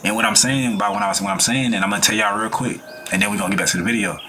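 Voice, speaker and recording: A man's voice: on the low side, very fast, bright, forceful tone, slight background noise. A man hosting a reaction video, talking in a laid-back, slangy way and preaching about life and good vibes. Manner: acts out quoted people in changed voices. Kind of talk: casual reaction commentary.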